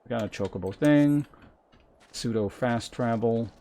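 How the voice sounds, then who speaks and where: A man streaming a game, commenting casually in a quick, self-mocking, chatty way. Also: medium pitch, mellow.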